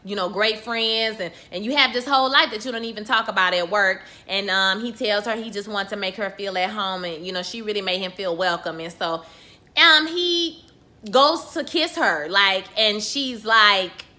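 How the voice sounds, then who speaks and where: A woman giving a casual, sassy recap of a TV episode, full of profanity and animated storytelling as she acts out quoted lines in her own voice. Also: mid-range voice, fairly quick, few pauses. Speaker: TV recap vlogger.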